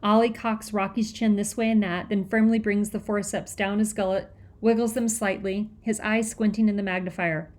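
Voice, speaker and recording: A woman's voice: medium pitch, level tone, moderate pace, hardly any pauses, darkish tone. A woman narrating a children's novel in the first person, with tense, breathless storytelling. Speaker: audiobook reader.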